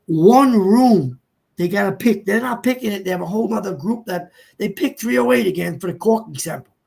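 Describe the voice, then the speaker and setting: A man's voice: high-pitched, animated, fairly quick, creaky, a little mellow, husky. A man from New Jersey, a guest speaker, telling a personal story in an emotional, choked-up, emphatic way.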